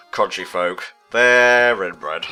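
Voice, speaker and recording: A man's voice: on the low side, animated, very slow, sharp tone, soft background music. A man giving casual, jokey commentary on a puzzle game and reading the answer options aloud. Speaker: let's play commentator.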